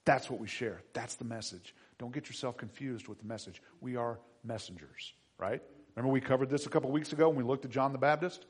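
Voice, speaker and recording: A man preaching a sermon as pastor, animated and conversational, acting out voices of people in the story. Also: medium pitch, fairly quick, husky.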